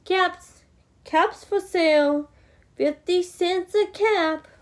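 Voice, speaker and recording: A woman voicing an angry old male cap peddler from a picture book, shouting scoldingly in a high, strained voice. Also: drawn-out words, exaggerated voice. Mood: calling out.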